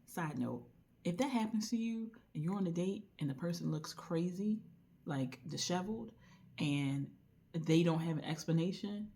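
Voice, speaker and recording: A woman recommending a book in a casual, chatty way, retelling the story with lively asides. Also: on the low side, normal speed, gravelly. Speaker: book reviewer.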